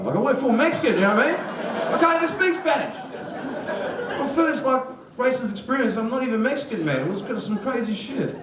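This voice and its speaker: A man's voice: very high-pitched, expressive, fast, noisy background. A young man with an Australian accent doing a stand-up set, casual and sweary, full of slang and fillers. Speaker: stand-up comedian. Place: live comedy venue with audience. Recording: echoey room, from a distance.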